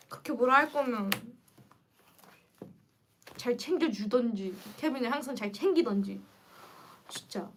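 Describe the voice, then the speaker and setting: A young woman chatting casually to viewers on a livestream, lively and quick to react. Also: fairly high pitch. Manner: chatty and animated, switching between English and Korean. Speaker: livestream host.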